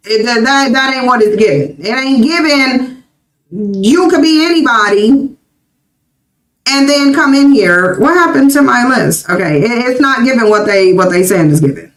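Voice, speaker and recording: A woman's voice: high voice, lively intonation, moderate pace, echoey room, poor audio. A woman hosting a livestream, reading viewer comments aloud and reacting bluntly in casual commentary. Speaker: livestream host.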